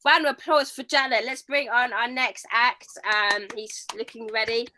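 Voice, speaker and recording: A woman's voice: on the high side, steady tone, moderate pace, pushed and bright, slight background noise. A woman hosting an online comedy show, introducing acts in a chirpy way with lots of fillers. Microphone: video call.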